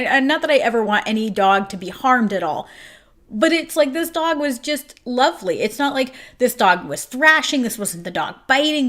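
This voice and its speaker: A woman's voice: mid-range voice, fairly bright tone. A woman who owns a grooming salon, telling a story in an emotional, casual way with many "like"s. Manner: emotional, fast-shifting retelling with many "like"s. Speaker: grooming salon owner and host.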